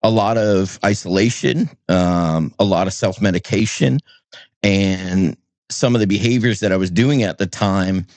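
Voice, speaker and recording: A middle-aged man from New England, a pastor and podcast co-host, telling a candid personal story and swinging between low somber tones and high exasperated bursts. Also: measured pace, a little mellow, dry recording.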